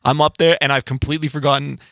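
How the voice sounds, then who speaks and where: A man's voice: a little high, level tone, fast talker, sharp tone, no echo, studio quality. A man co-hosting a casual podcast chat in a laid-back way, often trailing off and hedging mid-sentence. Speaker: band member and podcast co-host.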